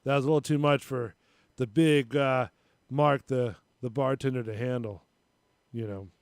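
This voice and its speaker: A man hosts a loose live-stream chat show and rambles through his stories, doing quick voices for the people in them. His voice sits at an ordinary middle pitch. It is recorded close and dry. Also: steady tone, clear, resonant tone, no echo. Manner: rambling, retells phone calls with voices. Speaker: show host.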